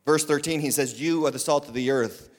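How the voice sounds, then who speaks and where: A man preaching a sermon as lead pastor, swinging from loud declarations to quiet asides, with bits of humor. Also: fairly high pitch, a little fast. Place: church sanctuary. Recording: long reverb of a large hall.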